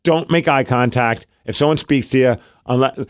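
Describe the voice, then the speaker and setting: A man's voice: mid-range voice, moderate pace, smooth, no echo, studio quality. A man in his forties co-hosting a podcast, bantering and teasing in casual chat. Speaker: podcast co-host.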